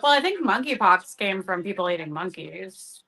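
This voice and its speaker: A woman's voice: mid-range voice, very animated, normal speed, crowd noise, low-quality recording. A woman co-hosting a casual wrestling watch-along, curious and frank, swearing casually. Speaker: co-host. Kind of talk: casual chat.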